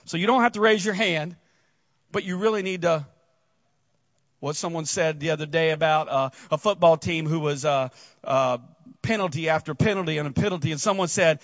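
High-voiced male pastor preaching earnestly. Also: a bit bright, no room sound, lo-fi sound. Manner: earnest, conversational, addresses the congregation directly. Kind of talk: sermon.

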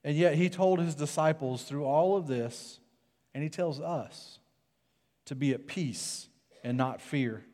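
A man preaching a sermon earnestly, moving between loud urging and soft, hushed passages. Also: a little high, a little slow. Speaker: pastor. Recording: long hall reverb.

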